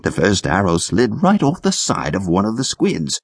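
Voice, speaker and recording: Male narrator for a kids' adventure audiobook, lively reads, slightly husky, dry studio sound. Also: fairly low pitch, normal speed, no room sound. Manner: lively, expressive storytelling. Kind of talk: scripted narration for children.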